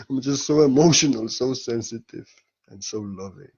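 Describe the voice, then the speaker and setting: A man speaks as a spiritual teacher in a loose, informal talk, candid and openly emotional, with a blunt edge and the odd curse. His voice sits at an ordinary middle pitch. The recording is muffled and dull. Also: normal speed, a little mellow, breathy edge.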